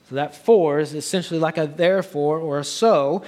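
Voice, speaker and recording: A man's voice: on the high side, brisk, hardly any pauses, a little mellow. A man preaching a sermon as pastor, earnest, building to raised emphatic passages.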